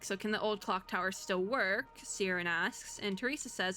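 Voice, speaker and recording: A young woman gives casual gameplay commentary, chatty and thinking out loud as she reads the story text. Her voice is bright and forward, sitting at a medium pitch. Game music plays faintly underneath. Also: brisk, few pauses. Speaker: VTuber gamer.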